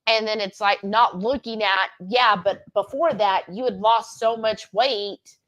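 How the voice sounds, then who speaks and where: A woman's voice: mid-range voice, a little slow, a bit bright, highs cut off. A woman co-hosting a livestream, chatting candidly in a rambling, self-correcting way. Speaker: livestream co-host. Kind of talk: casual chat.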